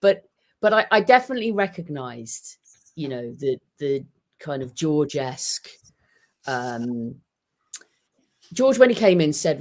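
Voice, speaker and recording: A man chatting about football on a podcast, telling stories in an animated way, with many restarts. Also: on the high side, measured pace, pauses often. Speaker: podcast guest. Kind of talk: casual football chat. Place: home with a dog.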